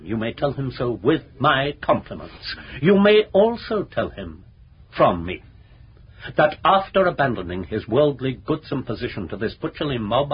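An actor playing a pompous, blustering lawyer in a radio drama, scornful and overbearing. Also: male voice, medium pitch, close to an everyday voice. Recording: muffled old radio broadcast with faint noise.

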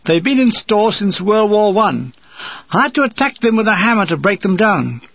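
An older man from England reading a war memoir aloud with a dry, wry comic delivery and a gravelly, husky voice. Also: high voice, sing-song, normal speed, no room sound, muffled recording. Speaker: narrator.

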